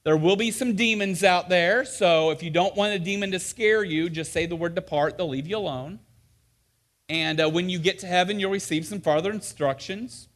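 A man's voice: sits high, moderate pace, fairly bright tone. A man preaching a sermon, telling a camp story with acted-out voices and many fillers and restarts.

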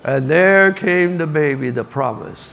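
A man's voice: on the high side, unhurried, vocal fry, fairly bright tone. An older man preaching a sermon, telling stories and repeating key lines for emphasis.

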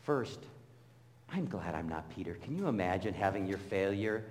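A man's voice: low-pitched, normal speed. A middle-aged man preaching a sermon, telling stories and acting out the voices of people he quotes. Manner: storytelling, animated, acts out quoted voices. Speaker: pastor. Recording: long hall reverb.

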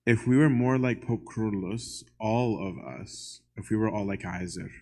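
A man's voice: on the low side, normal speed, a little mellow. A man giving a church lecture in a conversational way, often asking the audience "right?" and putting questions straight to them.

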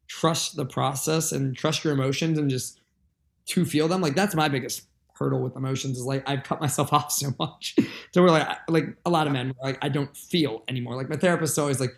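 A man's voice: mid-range voice, brisk, vocal fry. A man, a musician guest on a podcast, speaking openly and reflectively in a casual way, full of fillers. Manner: open, reflective, many filler likes. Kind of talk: candid conversational podcast talk.

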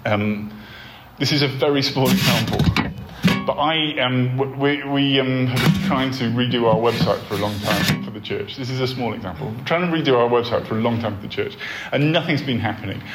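A man, a church leader giving a sermon-style talk, earnest and animated, with frequent ums and restarts. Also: medium pitch, brisk. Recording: roomy hall with faint background noise.

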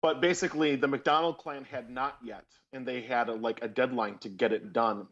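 A man's voice: mid-range voice, fairly quick, fairly bright tone. A man co-hosting a casual chat and explaining history in detail. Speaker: co-host telling of a trip. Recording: dull lo-fi audio.

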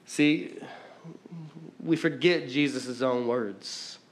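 A middle-aged man from the American Midwest preaching a sermon in a church hall, fast and conversational, often repeating his words as he talks. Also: mid-range voice. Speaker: pastor.

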